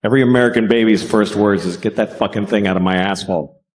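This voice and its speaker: A middle-aged man doing a stand-up comedy set on stage, deadpan and profane, acting out bits. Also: on the low side, fast. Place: stage before a live audience.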